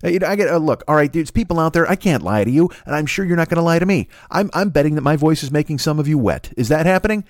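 A man's voice: fairly high pitch, animated, fast talker, hardly any pauses, no echo, studio quality. A man hosting a comedy podcast, delivering a boastful, crude, mock-seductive monologue about his own voice. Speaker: podcast host.

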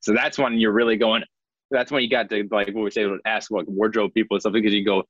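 A young man with a low voice chats about his work in an interview and acts out the lines of the people in his stories. The sound is dry and a little muffled. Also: flat delivery, quick pace, fairly bright tone, no room sound. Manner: chatty storyteller who acts out quoted dialogue. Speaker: actor interviewed about a show. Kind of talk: casual interview chat.

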